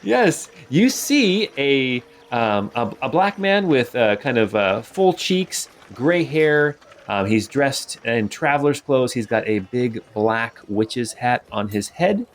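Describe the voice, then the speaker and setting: Chill guy running a tabletop game, lots of ums, lively pitch. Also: slow pace, few pauses. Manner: relaxed, many fillers. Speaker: game master.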